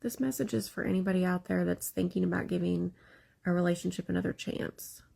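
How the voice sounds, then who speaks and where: Emotional single mom venting, lots of likes, raspy breathy voice. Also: female voice, on the low side, steady tone, dark tone. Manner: emotional, halting, with many fillers. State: tearful. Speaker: single mother vlogger. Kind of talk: confessional vlog.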